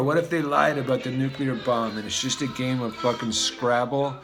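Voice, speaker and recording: Man vlogger, rambling profane rant, mid pitch. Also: moderate pace, few pauses, a bit bright, soft background music. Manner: free-associating, profane, muttering. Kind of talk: rambling conspiracy monologue.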